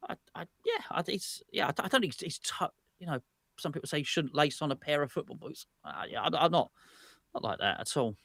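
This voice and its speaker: A man co-hosting a casual fan chat, talking in an animated way, stammering and repeating words as he starts each point. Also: on the high side, a little fast, gravelly, no room sound, studio quality. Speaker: co-host of fan channel. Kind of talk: casual live watch-along chat.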